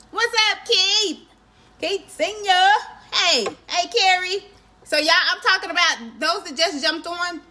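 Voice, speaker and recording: Bright-voiced chatty woman livestreaming. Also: sits high. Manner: chatty, greets viewers by name, laughs often. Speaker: livestream host. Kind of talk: casual livestream chat with viewers.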